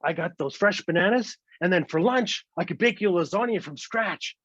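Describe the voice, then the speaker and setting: A man's voice: high-pitched, expressive, normal speed, fairly bright tone, no room sound. A man playing a hockey-crazed husband who grovels and pleads in baby talk, recorded dry and dull. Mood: sweet-talking.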